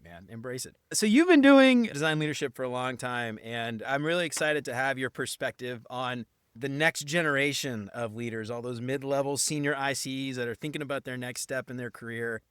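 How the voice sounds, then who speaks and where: A man's voice: medium pitch, animated, fairly quick, a bit bright, clean tone, dry recording, studio quality. A man hosting a podcast, enthusiastic and upbeat, with casual slang. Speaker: podcast host. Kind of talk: casual interview chat and show promo.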